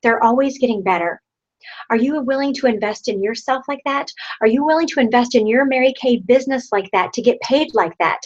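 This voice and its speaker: Woman in her thirties, high voice, rousing sales pep talk, lo-fi video-call sound. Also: fairly quick, a little mellow. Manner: rousing, repeats rhetorical questions. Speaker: sales team leader. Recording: dull lo-fi online video call.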